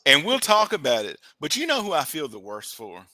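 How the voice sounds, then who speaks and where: A man co-hosts a relaxed movie-review podcast and talks about the film with plenty of energy. His voice is bright and ringing, and it rises and falls a lot as he acts out little scenes. He is chatty and full of jokes. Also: a little high, no room sound. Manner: animated, acts out characters in quick asides. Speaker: podcast co-host. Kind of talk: casual movie-review chat.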